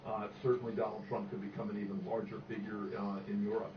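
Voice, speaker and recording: Low, flat-voiced man analyst. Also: quick pace, far from the mic. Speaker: political analyst. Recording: TV audio played in an echoey room, heard from afar, dull and noisy.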